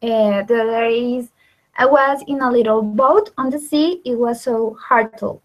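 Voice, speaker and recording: A woman student reads her sentences slowly in a slightly high voice. She stops often, bridging gaps with short filler sounds. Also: poor audio.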